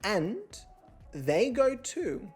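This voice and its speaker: A woman's voice: mid-range voice, very animated, drawn-out words, a little mellow, faint music behind. A woman hosting an online reality game show livestream in a playful, theatrical way, with casual swearing. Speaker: host.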